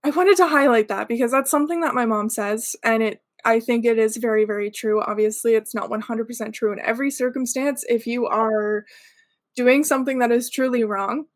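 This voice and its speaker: A woman's voice: fairly high pitch, a little fast. A woman hosting a podcast interview, affirming her guest and steering the questions. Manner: warm, affirming, agreeable interviewer. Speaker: podcast host. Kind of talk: casual conversational interview.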